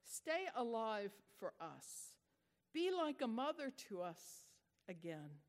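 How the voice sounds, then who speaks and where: This is an earnest, gentle five-year-old girl, voiced by a woman retelling a sermon story. She speaks slowly and softly, in a fairly high register. The voice rings out in a long-echoing hall. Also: big pitch swings. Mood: earnest, pleading. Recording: echoey hall.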